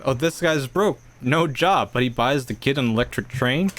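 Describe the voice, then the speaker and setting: A man's voice: medium pitch, normal speed, fairly bright tone. A man reading lines in a playful comedy table read of an old radio play.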